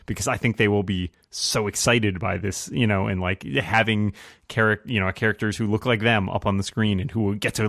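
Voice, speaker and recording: A man's voice: fairly low pitch, fairly bright tone, no echo, studio quality. A man on a podcast panel talking earnestly, full of restarts and hesitations. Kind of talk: casual chat.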